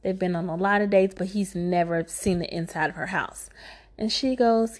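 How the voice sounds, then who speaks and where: A woman's voice: on the low side, moderate pace. A woman giving a casual movie recap, sassy and exasperated, talking back to the filmmaker.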